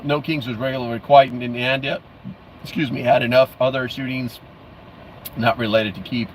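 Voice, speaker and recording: Man, middle-aged, casual livestream chat, rambling with fillers, mid-pitched voice, faint background noise. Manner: rambling, many fillers and restarts; friendly, calls viewers bro. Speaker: livestream host.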